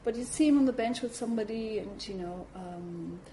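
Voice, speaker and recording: A woman giving a talk at a Buddhist centre, telling a personal story in a lively way, acting out her reactions and saying "you know" often. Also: a little high, a little fast, a little hiss or hum, low-quality recording.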